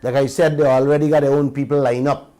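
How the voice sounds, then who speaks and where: A man's voice: medium pitch, little pitch movement, fast, dark tone. A Guyanese man hosting a radio talk show, giving an impassioned commentary full of rhetorical questions to his listeners and slipping between standard English and creole.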